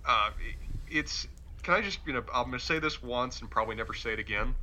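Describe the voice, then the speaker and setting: Bright-toned man with a mild Southern accent. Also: mid-range voice, expressive, fast, a little hiss or hum. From Charlotte, North Carolina. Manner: thoughtful, stammering restarts. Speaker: podcast co-host. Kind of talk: casual recap chat.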